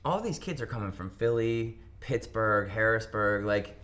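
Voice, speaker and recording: A young man from Pennsylvania, appearing as an interview guest, tells his story in a lowish voice at normal speed. He's casual and animated, acting out what people said.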